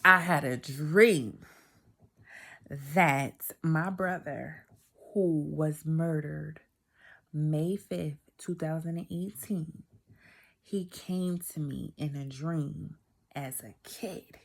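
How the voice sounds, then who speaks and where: A woman with a fairly low voice tells a heartfelt personal faith story on her vlog. She talks in a chatty way, speaks straight to her viewers, and sometimes sinks into a whisper when the story gets tender. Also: drawn-out words, gravelly. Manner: emotional, heartfelt storytelling, drops to a whisper at times; chatty, addresses viewers directly. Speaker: vlogger.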